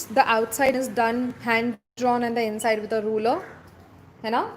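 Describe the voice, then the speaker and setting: Brief: Indian English woman, doodle teacher, fairly high voice, instructive and chatty, faint ambient noise behind. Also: normal speed. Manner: instructive, checks in often with the viewer. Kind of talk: casual step-by-step drawing tutorial.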